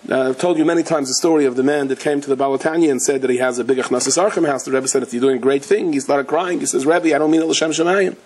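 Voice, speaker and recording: A man's voice: fast talker, breathy edge. A man, a rabbi giving a Torah lecture, telling stories and acting out the people in them with big jumps in his voice. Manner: animated storyteller, acts out quotes with big pitch jumps.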